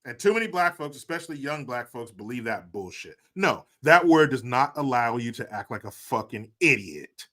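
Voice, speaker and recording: Animated, sarcastic man ranting on camera. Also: moderate pace, hardly any pauses. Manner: profane, sarcastic and mocking; swings between loud outbursts and low muttered asides. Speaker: commentary video host. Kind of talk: opinionated commentary.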